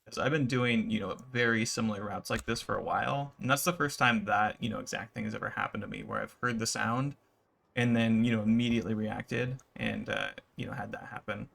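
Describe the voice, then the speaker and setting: A man giving relaxed, rambling commentary over his gameplay, with many fillers. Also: fairly low pitch, brisk, creaky. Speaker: gaming YouTuber.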